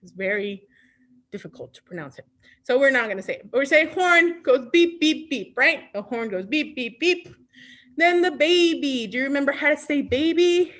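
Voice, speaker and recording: Upbeat high-voiced woman leading storytime. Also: animated, normal speed, fairly bright tone. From Mexico. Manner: upbeat, patient, teacher-like, switching between English and Spanish words. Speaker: children's librarian. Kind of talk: online children's storytime.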